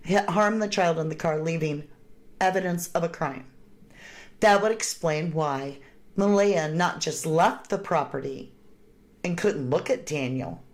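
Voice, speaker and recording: A middle-aged woman giving a conversational, emphatic run of speculative true crime commentary as the show's host. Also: fairly low pitch.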